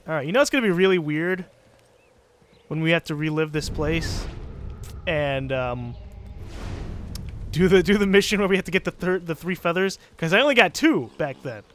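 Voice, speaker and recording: A man with a central North American accent, giving casual let's play commentary, excitable and swearing freely. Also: a little high. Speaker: gaming commentator.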